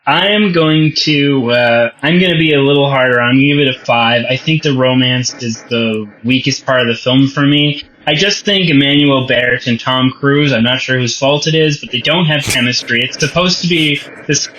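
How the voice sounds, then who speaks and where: A man's voice: mid-range voice, normal speed, fairly bright tone, muffled recording. A man co-hosting a podcast, reviewing a film in casual chat, rambling and correcting himself with wry asides. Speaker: podcast co-host.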